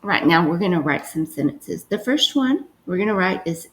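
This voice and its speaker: A young woman teaching a recorded phonics lesson, dictating sentences slowly and sounding out words with care. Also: fairly low pitch, animated, low-quality recording. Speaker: reading teacher.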